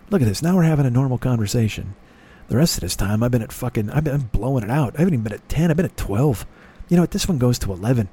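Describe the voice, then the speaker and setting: Hoarse man in his fifties, solo podcast host, profane self-deprecating comic rambler. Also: medium pitch, expressive, racing, warm tone. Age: 50s. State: hoarse from yelling. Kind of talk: casual solo podcast monologue. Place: home room with air conditioner.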